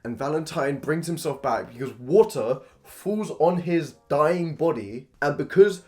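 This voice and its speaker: A man's voice: fairly high pitch, animated, measured pace, darkish tone, soft background music. A man giving a casual, opinionated review monologue about a manga, blunt and profane, swinging between rants and gushing.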